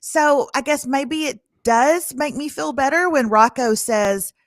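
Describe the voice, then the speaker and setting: A woman's voice: high voice, a little slow, no echo. A woman in her forties talking candidly in a casual conversation, easily breaking into laughter. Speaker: podcast host.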